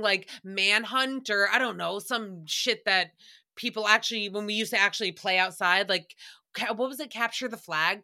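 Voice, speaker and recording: Young woman, podcast host, casual rambling chat, giggly, bright tone. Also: a little high. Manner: giggly, rambling storyteller who breaks into laughter.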